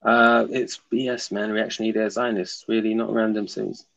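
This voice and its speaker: Gravelly-voiced man hosting a live stream. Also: lowish voice, little pitch movement, normal speed, a bit bright, low-quality recording. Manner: reads viewer comments aloud and answers them, laughs often. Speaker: livestream host reading chat. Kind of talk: casual live chat.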